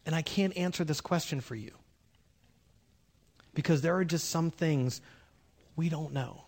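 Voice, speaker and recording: A man preaching a conversational sermon with humorous asides, swinging between loud bursts and hushed moments. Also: a little high, unhurried, long pauses. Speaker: pastor.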